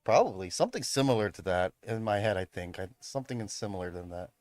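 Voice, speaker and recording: A man's voice: lowish voice, quick pace, a little mellow, dry recording. A young man from the Chicago area casually telling a story on a livestream, swearing a lot, laughing often and saying "bro" and "man". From Chicago area, USA.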